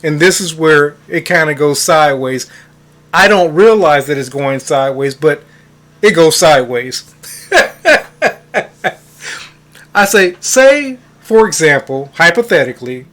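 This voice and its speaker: A man's voice: fairly high pitch, lively intonation, a little slow, long pauses, a bit bright. A man who coaches on manifestation, telling a story in a casual monologue, stressing words for emphasis and addressing listeners as guys.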